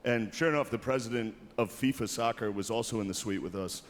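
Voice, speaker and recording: A man's voice: fairly low pitch, fairly quick, a little hiss or hum. Laid-back male comic in a reverberant hall. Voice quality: laid-back, self-mocking delivery. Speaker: comedian hosting an awards show. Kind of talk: stand-up monologue. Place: large awards hall. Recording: broadcast audio with hall reverb.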